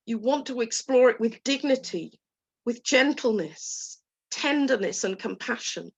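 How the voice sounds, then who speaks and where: A woman coach talking gently and soothingly to an online group, voicing soft inner dialogue. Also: fairly high pitch. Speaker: guest coach. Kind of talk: talk to a live online group.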